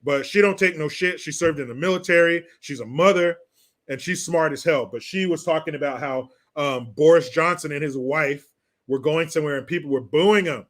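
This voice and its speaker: A man rants on a livestream in blunt, profane, mocking talk, stopping now and then to read out viewer comments. His voice sits a little high and sounds bright and forceful. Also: normal speed. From California. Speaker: livestream host reading chat. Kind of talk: casual political rant.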